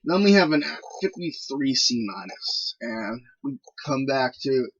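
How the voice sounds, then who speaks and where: A man's voice: medium pitch, very animated, a little slow, breathy edge, no room sound, muffled recording. Man casually recapping a wrestling sim. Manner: chatty, rambling recaps. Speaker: video game let's player. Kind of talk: casual game commentary.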